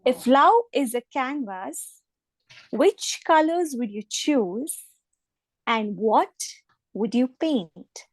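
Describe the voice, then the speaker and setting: A woman hosting a speaking club meeting, slow and deliberate, repeating each prompt. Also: high-pitched, expressive, no room sound. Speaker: table topics master.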